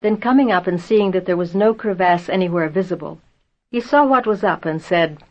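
A woman narrates a first-person novel in a measured, tense way. Her voice sits on the low side, and the recording is dull and lo-fi. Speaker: audiobook narrator. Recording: dull lo-fi audio.

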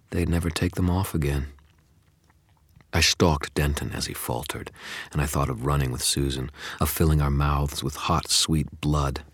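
Male audiobook narrator with a very deep voice, intense and brooding, close and dry sound. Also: a bit bright, slightly rough, dry recording. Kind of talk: first-person audiobook narration.

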